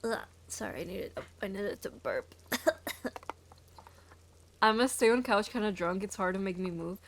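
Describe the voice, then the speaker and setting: A woman's voice: mid-range voice, unhurried, a bit bright, slight background noise. A woman streaming a video game, chatting casually, giggling often and swearing freely.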